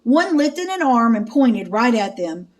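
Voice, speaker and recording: A woman teacher from Texas, reading a picture book aloud with expressive narration and sound effects. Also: fairly high pitch, a little slow.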